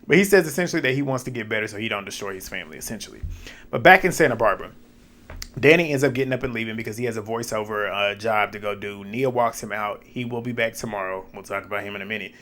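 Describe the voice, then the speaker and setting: A man doing a casual reality TV recap, opinionated and animated, with laughs and mocking high-voiced asides. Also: fast. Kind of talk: casual episode recap with commentary.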